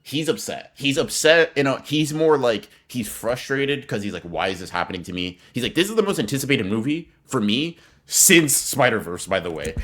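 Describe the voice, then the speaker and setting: A young man co-hosting a podcast, telling an animated, profane story in casual slang. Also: medium pitch, normal speed, hardly any pauses. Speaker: podcast co-host.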